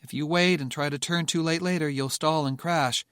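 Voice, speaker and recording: A man voicing a sharp, urgent woman co-pilot. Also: a little high, fairly even intonation, moderate pace, clear, resonant tone, no echo, clean studio sound, pitched above the performer's own voice, natural voice. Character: tense, blunt female bomber co-pilot.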